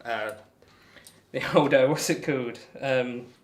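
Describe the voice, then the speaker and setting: Throwing darts in his home room, a man speaks slowly at a medium pitch during a casual live stream. He rambles amiably, reading viewer comments aloud and joking around between throws.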